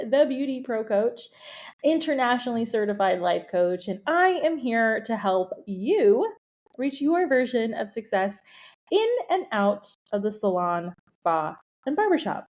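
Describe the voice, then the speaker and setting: A woman's voice: on the high side, big pitch swings, unhurried, darkish tone. A woman hosting her own podcast as a business coach, talking in a chatty, playful way with lots of casual fillers. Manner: chatty and playful, with frequent "you know" and "like" fillers. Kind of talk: casual solo podcast talk.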